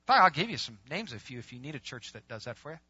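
A man's voice: medium pitch, very fast, breathy edge, no room sound. A male pastor preaching a conversational sermon, acting out bits of dialogue. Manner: animated, conversational, acts out dialogue. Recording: muffled, dry lo-fi recording.

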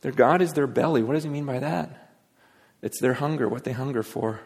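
A man preaching a sermon, moving between hushed, intense passages and raised, pleading ones. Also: mid-range voice, a little fast, gravelly, husky, in a large hall. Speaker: pastor.

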